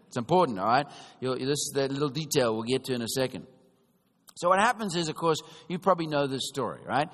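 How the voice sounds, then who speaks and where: A man preaching a sermon, telling a story in a chatty, animated way and often checking in with his listeners. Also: mid-range voice, fast talker. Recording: long reverb of a large hall.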